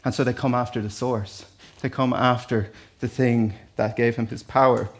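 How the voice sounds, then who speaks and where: A man's voice: medium pitch, steady tone, normal speed. An Irish man preaching a sermon in a church, talking to the congregation in a conversational, storytelling way with asides. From Ireland. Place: church hall.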